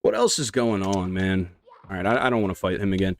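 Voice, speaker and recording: Deep-voiced and fairly quick, this speedrun streamer talks loosely while he plays live, drifting from topic to topic in relaxed slang.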